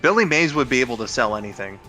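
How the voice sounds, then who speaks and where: Man, streamer host, casual talk, bright tone, hesitant fillers. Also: mid-range voice, animated, fast talker, faint music behind. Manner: hesitant, many fillers and restarts. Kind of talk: casual chat while gaming.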